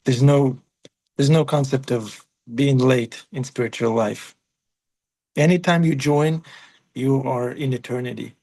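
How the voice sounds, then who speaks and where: An easygoing man hosts a class discussion, joking lightly with participants. His voice sits at an ordinary pitch. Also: steady tone, measured pace, warm tone. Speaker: class leader.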